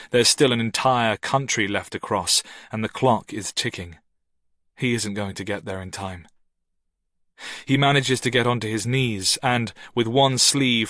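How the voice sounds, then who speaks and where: A man narrating a thriller audiobook with steady, tense storytelling. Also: fairly low pitch, no echo, studio quality. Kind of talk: scripted narration.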